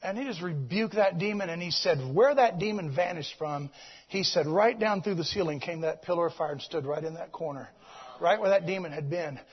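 A man preaching a sermon to his congregation, swinging between loud exclamations and quiet, low passages. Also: a little fast, husky. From United States. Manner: animated preaching, swings between shouting and hushed. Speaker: pastor. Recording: dull lo-fi recording.

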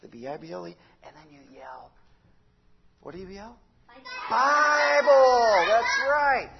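A woman's voice: lowish voice, sing-song, moderate pace, vocal fry, background noise. A woman leading children in a church sing-along and chat, upbeat and encouraging, coaxing the kids by name. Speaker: children's worship leader. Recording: dull lo-fi sound under loud guitar music. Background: guitar music.

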